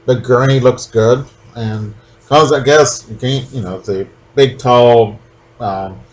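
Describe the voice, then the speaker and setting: A man's voice: mid-range voice, slow pace, dull audio. A man co-hosting a podcast in casual chat, summing up the action with wry, joking asides. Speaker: podcast co-host.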